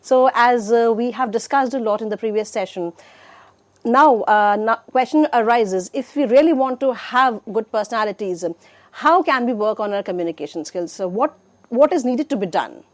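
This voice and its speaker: A woman's voice: fairly high pitch, moderate pace. A woman hosting an educational interview, introducing the guest and asking questions. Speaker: host.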